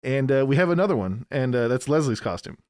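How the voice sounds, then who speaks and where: A man's voice: mid-range voice, animated, fast talker, a little mellow, dry recording. A man co-hosting a podcast in casual chat, rambling with lots of restarts and fillers and swearing freely. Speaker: podcast co-host.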